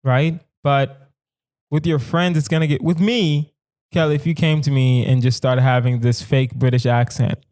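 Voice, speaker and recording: A man hosting a podcast in casual comedic chat, acting out quoted lines with animated delivery. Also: medium pitch, moderate pace. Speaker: podcast host.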